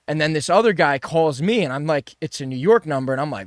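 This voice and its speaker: A man's voice: on the high side, lively intonation, fast talker, few pauses, no room sound. A young man hosting a podcast from inside a parked bus, telling stories loosely and swearing casually. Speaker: podcast host. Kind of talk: casual chat.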